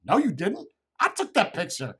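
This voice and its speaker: A man's voice: high voice, huge pitch swings, moderate pace, slightly rough. A middle-aged man telling crude, rambling comic stories to a live chat and swearing constantly. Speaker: comedian streamer.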